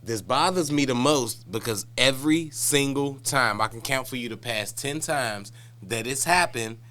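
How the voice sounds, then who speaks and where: A man with a mid-pitched voice that is bright and smooth talks casually as a podcast co-host. He is laid-back and tells stories in detail. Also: a little slow. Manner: laid-back, detailed storytelling, laughs often. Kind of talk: casual chat. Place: Wisconsin.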